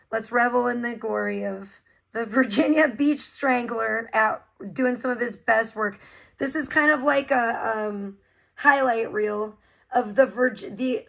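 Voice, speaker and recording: A woman's voice: fairly high pitch, gravelly, fairly bright tone, low-quality recording. A woman hosting a livestream, giving blunt, profane, mocking commentary in a casual ranting style.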